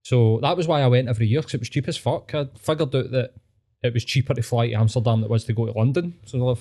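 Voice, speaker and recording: A young Scottish man swapping stories in casual chat, mid-pitched and relaxed. He swears freely, laughs often and tells each tale with plenty of filler. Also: fast talker. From Scotland.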